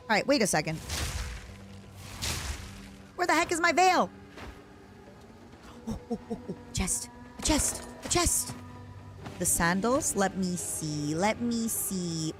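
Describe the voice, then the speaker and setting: Woman, streamer, casual gaming chat, giggly, squeals, lively swooping pitch. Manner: excitable and giggly, bursts into squeals.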